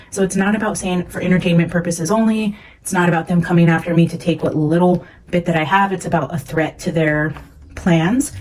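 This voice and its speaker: A woman's voice: on the low side, a little mellow, slight background noise, rough recording. A young woman, a psychic medium, talking casually and earnestly as she reads from her notes, rambling with many fillers.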